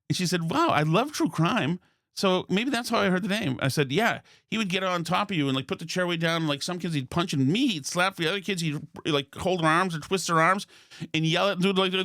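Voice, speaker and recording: A man from Massachusetts hosting a podcast, telling a long comic story in a rambling, deadpan way with incredulous asides. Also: a little high, dry recording, studio quality. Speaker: podcast host. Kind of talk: comedic storytelling monologue.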